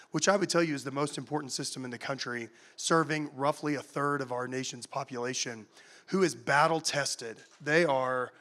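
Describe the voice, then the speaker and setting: A man's voice: a little high, fairly bright tone. A man on a conference panel who speaks earnestly, with frequent uhs and restarts. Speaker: panelist, former state official. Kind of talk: panel discussion answer. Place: conference stage before an audience.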